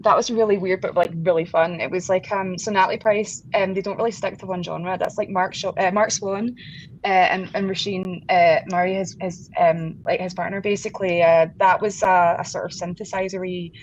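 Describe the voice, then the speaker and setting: A woman's voice: fairly low pitch, steady tone, moderate pace. A woman guest musician in a casual interview, chatting with frequent laughs, fillers and restarts. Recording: dull lo-fi sound with faint background noise.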